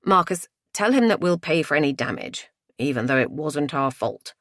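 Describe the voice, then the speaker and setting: A woman's voice: low voice, animated, moderate pace, dry recording. A woman voicing a sardonic, grumbling middle-aged man in an audiobook. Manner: sardonic, dry.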